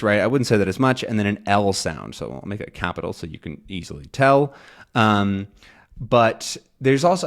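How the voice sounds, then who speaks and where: A young man giving a relaxed English pronunciation lesson, thinking aloud with frequent ums. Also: mid-range voice. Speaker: English teacher.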